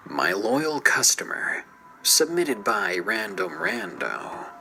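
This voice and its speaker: A man's voice: a little high, huge pitch swings, slow, gravelly, background noise. A man narrating a true scary story in a scripted, dramatic way and dropping into whispers at tense moments.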